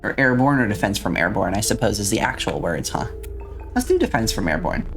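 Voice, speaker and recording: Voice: deep voice, big pitch swings, brisk, faint music behind. A streamer in a casual let's-play, chatting along and reading and answering viewers' messages aloud.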